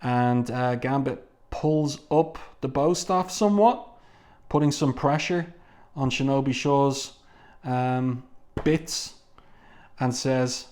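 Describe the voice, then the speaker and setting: Man, casual comic review host, chatty and conversational, mid-pitched voice, reads quoted lines aloud. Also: slow, darkish tone. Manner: chatty, stops to read panel dialogue aloud.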